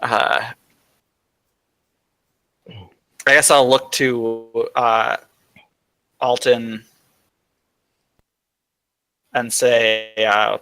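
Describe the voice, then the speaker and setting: A man playing a tabletop game, deliberate and thinking aloud. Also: mid-range voice, flat delivery, a bit bright, no echo, low-quality recording. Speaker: player.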